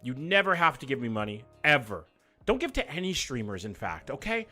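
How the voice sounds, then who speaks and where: A man's voice: high voice, lively intonation, brisk, bright, forceful tone, faint music behind. A young man hosting a livestream, reading viewer comments in loose, profane, joking banter. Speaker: livestream host. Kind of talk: casual live chat reading viewer comments.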